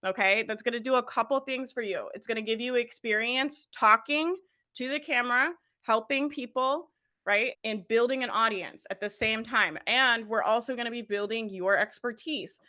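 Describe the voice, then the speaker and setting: Bright-voiced energetic woman business coach. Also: on the high side, normal speed. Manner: energetic, laughs often, addresses listeners directly. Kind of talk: motivational coaching talk.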